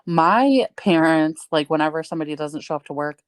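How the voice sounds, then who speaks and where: A woman co-hosting a podcast in casual chat, mostly giving brief reactions and quick questions. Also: deep voice, lively intonation, no echo, clean studio sound. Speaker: podcast co-host.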